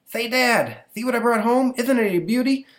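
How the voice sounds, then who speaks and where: A man's voice: very high voice, moderate pace, pitched above the performer's own voice. A man voicing a mischievous six-year-old boy who speaks with a lisp. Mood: excited. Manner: excited, pleading.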